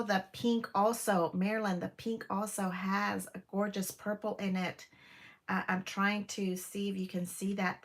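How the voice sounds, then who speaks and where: There's noise in the background as this fifties-aged crafting livestream host chats casually from home in a mid-range voice, gushing over each item, exclaiming a lot and filling gaps with fillers.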